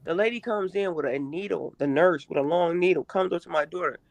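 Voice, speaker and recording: A middle-aged woman giving an emotional first-person account in an interview, halting and repeating herself with emphasis. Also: fairly low pitch, no room sound. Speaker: interview guest, mother.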